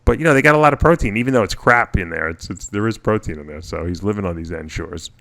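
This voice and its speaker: A man's voice: lowish voice, animated, fast talker, creaky, fairly bright tone. A middle-aged man hosting a casual radio show, telling personal stories in a rambling way with many restarts. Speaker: podcast host.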